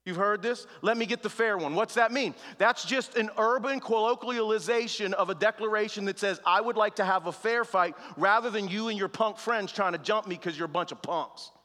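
A male pastor preaching a sermon in plain slangy talk, swinging from hushed to shouted. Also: high-pitched, fairly quick, hardly any pauses. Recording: long hall reverb.

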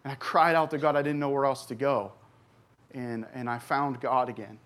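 A man's voice: medium pitch, fairly even intonation, fairly bright tone. Earnest man giving church testimony. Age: 40s. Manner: earnest, halting with many fillers and restarts. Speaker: recovery ministry pastor. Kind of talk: personal testimony from the stage. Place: church stage.

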